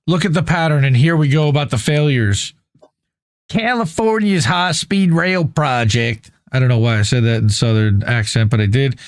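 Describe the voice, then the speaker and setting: A man's voice: medium pitch, no room sound. A man hosting a podcast, reading an article aloud and breaking off to comment in a blunt, opinionated way, swearing casually as he goes. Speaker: podcast host.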